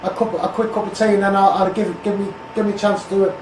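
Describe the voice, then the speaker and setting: A man's voice: high voice, level tone, fast, a little mellow, reverberant, recorded from a distance, a little hiss or hum, poor audio. A man with a Scouse accent from the Liverpool area, ranting bluntly on a phone live stream and calling everyone mate. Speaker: Facebook Live campaigner.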